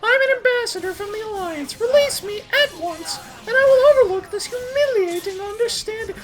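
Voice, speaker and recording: A man voicing a defiant, captive horned elf woman in a high, melodramatic falsetto. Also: expressive, brisk, music in the background. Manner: melodramatic, shrill.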